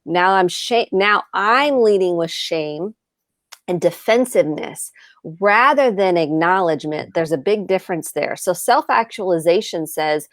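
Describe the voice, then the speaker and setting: Woman therapist, lowish voice, dry close sound, calm explainer on a video call. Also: a little slow, no room sound. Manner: calm explaining, acts out example dialogue.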